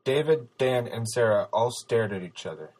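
A man reading a story aloud as narrator, steady and even. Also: mid-range voice, normal speed, low-quality recording. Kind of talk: audiobook narration.

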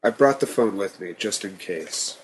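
A man reading a first-person horror story in a tense, steady manner. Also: lowish voice, moderate pace, slight background noise. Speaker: narrator.

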